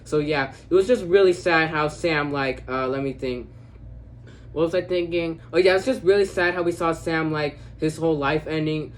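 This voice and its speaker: A man casually reviewing a movie, rambling with lots of fillers, dropping quiet when quoting lines and growing loud when he gushes about his favorite parts. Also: on the high side, normal speed.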